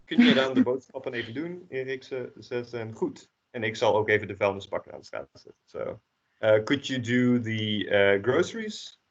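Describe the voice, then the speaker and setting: A Dutch man teaching a language class online, explaining slowly with many hesitations. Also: medium pitch, expressive. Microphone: computer microphone on a video call. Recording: dull lo-fi call audio.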